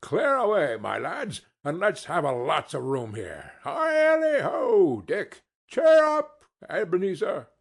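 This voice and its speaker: A portly, jovial old merchant hollers merrily in a high, loud voice, as a male narrator puts him on. The calls are hearty, stretched out and slightly husky. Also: huge pitch swings, slow pace, hardly any pauses, exaggerated voice. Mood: jolly.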